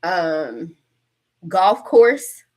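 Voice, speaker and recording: A woman's voice: lowish voice, sing-song, extremely slow, darkish tone. Woman, forties, tarot reader, casual, blunt, profane, laughs often. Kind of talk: casual spiritual reading to camera.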